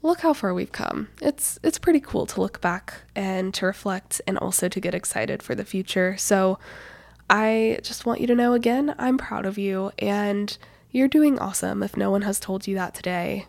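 A young woman in her twenties talks through her solo podcast in a loose, chatty way, full of "like" and "you know." Her voice is stuffy-nosed and a little breathless, with a gravelly fry at the ends of phrases. The sound is dry and close, with no room around it. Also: medium pitch, a little mellow, dry recording. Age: 20s. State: stuffy nose. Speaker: podcast host. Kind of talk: casual solo podcast chat.

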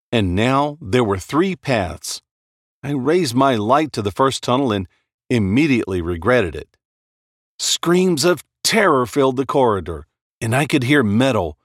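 Male horror narrator, animated and dramatic, dry close-mic read. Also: mid-range voice, no room sound. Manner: expressive, dramatic storytelling. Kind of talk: scripted first-person horror narration.

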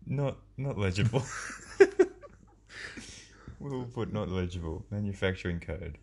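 A man co-hosting a casual comedy podcast, joking in a deadpan way while reading out a form. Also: on the low side, unhurried, creaky, a little hiss or hum. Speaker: podcast co-host.

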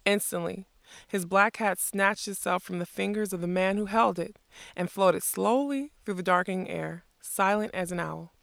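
Storybook narrator, gravelly voice, steady measured reading, dry close sound. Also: mid-range voice, no room sound. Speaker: audiobook narrator.

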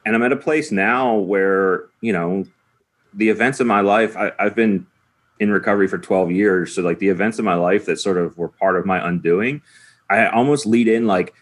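A man's voice: fairly low pitch, normal speed. A man in his forties telling a rambling story in casual chat, full of "like" fillers.

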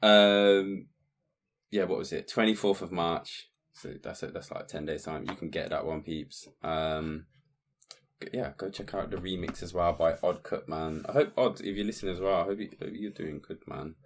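A man's voice: low-pitched, moderate pace, slight background noise. A man co-hosting a music podcast in casual, slangy chat, swearing freely. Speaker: podcast co-host. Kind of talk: casual chat between tracks.

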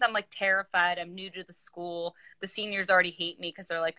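Young woman, casual chat, animated storyteller, bright voice, dry close sound, video call. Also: brisk, few pauses, no room sound. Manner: animated storyteller, acts out quoted voices with big pitch jumps. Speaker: former player, guest.

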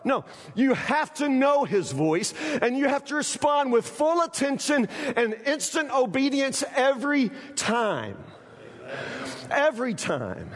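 A man's voice: very high-pitched, expressive, measured pace, hardly any pauses. A man preaching a sermon, emphatic and repeating phrases, often asking the congregation if they understand. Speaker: pastor. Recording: church hall reverb.

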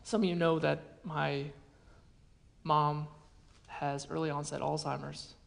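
A man preaching a sermon as a pastor, telling a personal story in an earnest way and often dropping to a hushed voice. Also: a little high, flat delivery, slow pace, gravelly.

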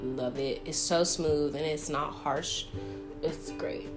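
A young woman telling a story in a chatty, animated way, full of fillers, answering viewer questions. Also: low-pitched, slow pace, music in the background. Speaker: vlogger. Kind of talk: casual Q&A storytelling.

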